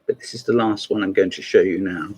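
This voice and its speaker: A man's voice: sits low, fast, darkish tone, slight background noise, rough recording. A man hosting a casual show-and-tell video series, talking in a rambling way with wry asides. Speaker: host of a chess book video series.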